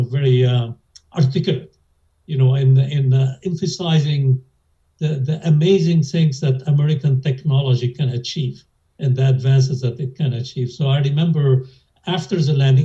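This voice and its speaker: A man's voice: mid-range voice, mellow. An older man, answering oral history interview questions hesitantly, with many fillers and restarts. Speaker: interviewee, former lab director. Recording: dull lo-fi audio.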